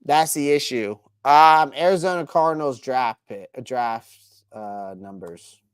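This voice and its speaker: A man's voice: medium pitch, unhurried, clean tone, no echo, clean studio sound. A man hosting a casual live stream, answering chat by name with strong opinions and frequent restarts.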